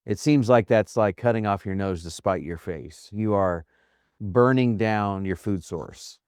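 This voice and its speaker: Smooth low-voiced guy co-hosting a podcast, chatty retelling, dry mic. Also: darkish tone, dry recording. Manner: chatty, retells scenes with quick asides. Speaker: podcast co-host. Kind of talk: casual chat.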